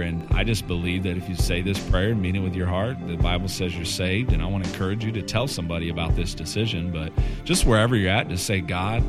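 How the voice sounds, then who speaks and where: Deep-voiced pastor over guitar music. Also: male voice. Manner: earnest, gentle, inviting. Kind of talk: recorded closing message with a prayer.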